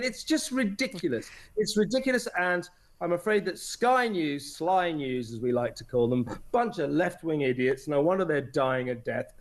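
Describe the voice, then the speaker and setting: An indignant man rants as a talk radio commentator. His voice sits a bit high for a man. It leaps up and down with lively swings. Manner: indignant, ranting. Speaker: regular guest commentator. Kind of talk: opinionated talk radio rant.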